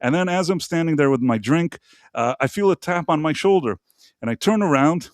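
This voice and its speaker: A man's voice: a little high, lively intonation, fairly quick, no room sound, studio quality. A man hosting a live podcast, telling a long story in a rambling, casual way with many asides. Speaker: podcast host.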